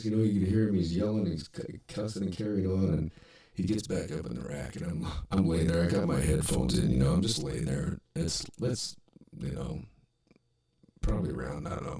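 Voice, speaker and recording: Deep gravelly man telling loose stories. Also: a little mellow. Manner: rambling and profane, full of restarts and fillers. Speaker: podcast host. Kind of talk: casual storytelling monologue.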